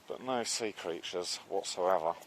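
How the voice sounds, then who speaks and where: A man chatting casually on a live stream from a beach, excitable and sometimes dropping to a hushed voice. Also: sits low, a little slow, slight background noise. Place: outdoors on a beach at low tide.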